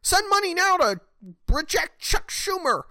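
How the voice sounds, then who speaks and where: Male host voicing a squeaky, pushy donation-begging text, loud and mocking, dry room. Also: sing-song, a little slow, no room sound, exaggerated voice. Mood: mocking urgency. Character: shrill nagging fundraising text message.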